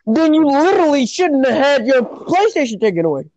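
A woman's voice: sits high, very animated, brisk, no echo, rough recording. Bossy teen girl hosting a voice-chat podcast. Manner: loud, bossy, swears freely. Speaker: podcast host. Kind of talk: casual gaming chat.

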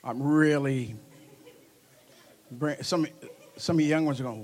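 A man preaching a charismatic sermon to a congregation, animated and joking, his loudness swinging from soft asides to loud bursts. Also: mid-range voice, measured pace. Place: church hall before a congregation.

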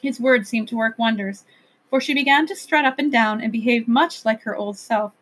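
A woman reading a children's novel aloud as narrator, with gentle, expressive storytelling. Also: a little high, moderate pace, slightly rough.

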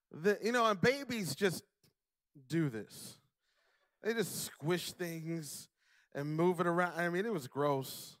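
A young man preaching a sermon, slowing down to stress key words and building to loud, emphatic passages. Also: fairly high pitch, no echo, clean studio sound. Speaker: pastor; father.

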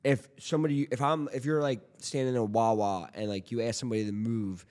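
A man's voice: mid-range voice, fairly even intonation, quick pace, darkish tone. A man in casual chat with friends, teasing and profane, pressing the same question again and again.

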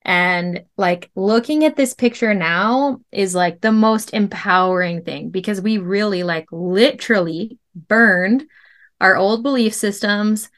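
This thirties-aged woman, guesting on a podcast, recounts her own experiences candidly and emphatically, peppering her animated speech with "like." She talks in a mid-range voice at a measured pace.

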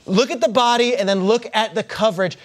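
A man breaking down football highlights on a morning show, earnestly pointing out angles and details. His voice sits notably high for a man. He keeps an even, explanatory delivery. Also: fairly quick. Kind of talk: sports highlight analysis.

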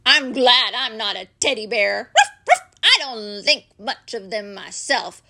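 A woman voicing a rude, boastful little male dog who barks between every few words, in a slow, gravelly voice. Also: a little high, sharp tone, exaggerated voice.

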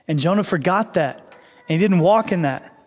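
A man's voice: high-pitched, animated, moderate pace, darkish tone. Man preaching in an echoing hall. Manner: conversational, acts out inner dialogue with God. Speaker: pastor. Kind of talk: sermon.

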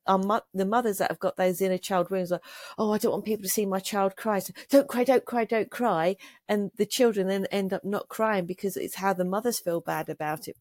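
An older woman hosting a podcast, speaking in a slightly low voice that sounds dry and close to the mic. She chats casually and slips into other people's voices when she quotes them. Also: no room sound. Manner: warm-hearted storyteller who acts out quoted voices. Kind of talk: casual interview chat.

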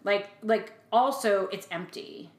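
Speaking slowly at a medium pitch, this woman sounds like she's in an echoey room. She's in her forties and co-hosts a podcast, chatting in an animated way with plenty of fillers and voices for the people she quotes.

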